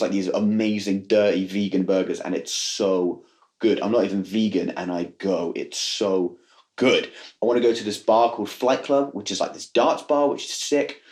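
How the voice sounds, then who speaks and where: A man's voice: on the low side, a little mellow. A man hosting a comedy vlog from his house, chatting in a bouncy, jokey way. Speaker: vlog host. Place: house room. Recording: echoey room.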